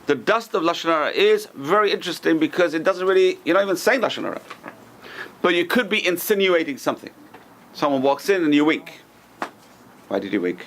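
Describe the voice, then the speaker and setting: A man's voice: fairly high pitch, brisk, pauses often, a bit bright, a little hiss or hum. A man teaching an informal Torah class as a rabbi, talking conversationally and acting out gossipy lines with joking asides.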